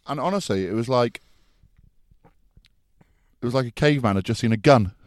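A man co-hosting a podcast, chatting casually and quickly. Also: medium pitch, no echo, studio quality. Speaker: podcast co-host. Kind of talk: casual chat.

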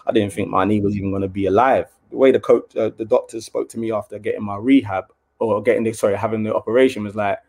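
A young man tells a story in a casual interview. His talk is chatty, and he acts out what others said in a raised, animated voice. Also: lowish voice, quick pace, hardly any pauses. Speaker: former footballer, guest.

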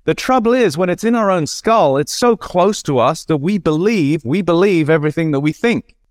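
Blunt, animated man with a higher voice. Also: moderate pace, no room sound, clean studio sound. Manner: animated, ranting, blunt with casual swearing. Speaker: guest, mindset coach. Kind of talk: casual conversational interview.

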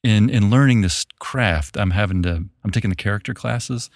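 Deep-voiced laid-back podcast host from Memphis. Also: male voice, moderate pace, dry recording, clean studio sound. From Memphis, Tennessee, US. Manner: rambling, restarts, relaxed. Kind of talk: casual conversation.

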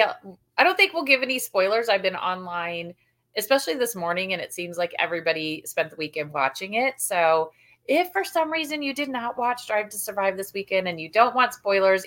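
A woman with a mid-range voice co-hosts a relaxed chat show. She talks in a bubbly, excitable way and laughs easily. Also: mid-range voice, fairly quick. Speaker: podcast co-host. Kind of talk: casual chat.

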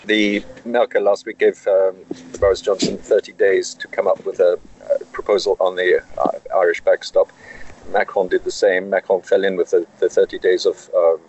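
Husky-voiced man with a very deep tone. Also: little pitch movement, darkish tone, low-quality recording. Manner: measured, with frequent hesitations. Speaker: correspondent in France. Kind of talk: interview answers.

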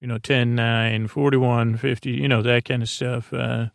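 A man hosting a sleep podcast, recapping an episode in a halting, hesitant way with many pauses. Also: medium pitch, little pitch movement, gravelly, no room sound. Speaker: podcast host.

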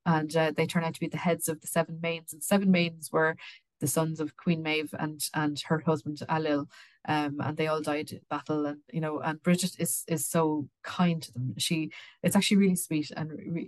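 A woman's voice: sits low, flat delivery, normal speed, darkish tone, dry recording. A woman co-hosting a book podcast, talking casually with lots of restarts and repeated words. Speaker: podcast co-host. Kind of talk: casual book discussion with read-aloud passages.

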